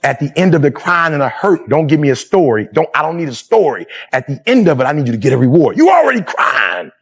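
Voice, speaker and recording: Husky-voiced male motivational speaker. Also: animated, fast. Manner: preacher-style delivery, swinging from low murmurs to shouts. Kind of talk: motivational speech.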